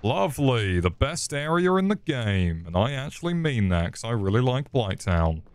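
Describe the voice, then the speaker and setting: A man's voice: medium pitch, big pitch swings, moderate pace, clean tone, no echo. A young man giving crude, joking commentary while playing a game and talking to the enemies. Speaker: streamer. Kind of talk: gameplay commentary.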